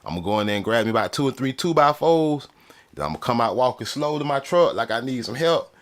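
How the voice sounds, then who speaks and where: A man's voice: medium pitch, lively intonation, fast. A man ranting in a profane, mocking way, often laughing as he talks. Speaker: vlogger. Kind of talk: profane comedic rant. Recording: crowd chatter and noise behind.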